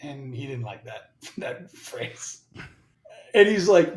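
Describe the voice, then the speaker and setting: A man's medium-pitched, sing-song voice moves slowly as he tells a casual, swear-filled story as a guest on a podcast. In his forties, he acts out each conversation from both sides, and the sound carries a roomy echo.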